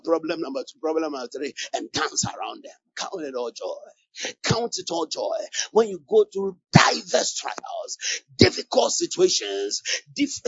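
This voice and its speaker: Man preaching, fervent, keeps repeating lines and asking the crowd to answer, high voice, dry dull recording. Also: creaky, slightly rough, no echo. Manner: fervent call-and-response, repeating phrases. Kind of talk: sermon. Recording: dull lo-fi sound.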